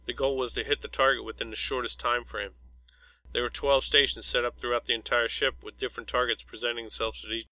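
A man reading a story aloud as narrator, in an even, unhurried storytelling way. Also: mid-range voice, dry recording, rough recording. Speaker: audiobook narrator. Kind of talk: scripted narration.

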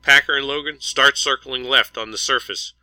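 A man voicing a commanding male ship captain who gives crisp, firm orders. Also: mid-range voice, fairly even intonation, moderate pace, sharp tone, no echo, poor audio.

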